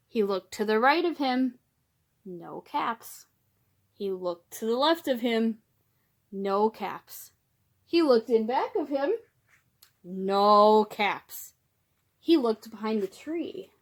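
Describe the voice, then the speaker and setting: A young woman reads a picture book aloud to children in an unhurried, gentle way, calling her little listeners friends and gasping for effect. Her voice sits a bit high and she lets every line breathe. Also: expressive. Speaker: children's storyteller.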